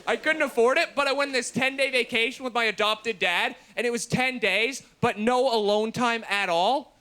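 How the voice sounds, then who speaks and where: High-voiced man doing dark stand-up. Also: normal speed, clean tone. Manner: dark deadpan jokes with shouted punchlines; drops to a low mutter for asides. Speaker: stand-up comedian. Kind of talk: stand-up comedy set. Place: comedy stage before a live audience.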